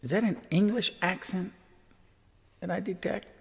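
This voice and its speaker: A man voicing a high, overly polite man at a bar who is chatting up women, in a mock British-accented joke voice. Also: moderate pace, vocal fry, slightly rough, in a large hall, heavily acted. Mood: mock courteous.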